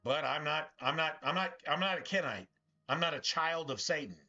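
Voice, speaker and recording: This streamer's fairly high, expressive voice sounds pushed and bright at a moderate pace, though the audio is dull and faint music plays behind him. Over his gameplay he rants bitterly and swears heavily, tripping over frequent restarts.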